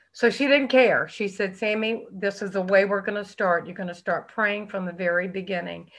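A woman's voice: medium pitch, fairly bright tone. A middle-aged American woman giving a heartfelt, candid personal testimony to a meeting, with fillers and restarts. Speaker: recovery speaker.

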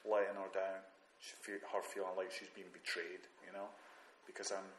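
A man talks candidly about his own failings in a low voice. He mocks himself and often stumbles into restarts. The room is echoey, with a faint hum of noise behind him. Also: level tone, normal speed, fairly bright tone. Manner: candid, self-mocking, many restarts. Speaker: recovering alcoholic sharing on the program. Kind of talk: reading aloud then personal reflection. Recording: roomy echo, faint background noise.

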